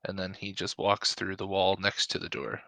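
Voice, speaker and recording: A man narrating as dungeon master in a tabletop game, relaxed and halting with many fillers. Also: sits low, gravelly, dry recording.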